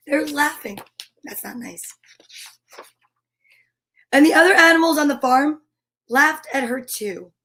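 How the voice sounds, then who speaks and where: Woman storyteller for kids, high and slow, animated read-aloud from a home studio. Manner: animated, playful, making animal sounds. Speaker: children's story reader. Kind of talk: reading picture books aloud to kids.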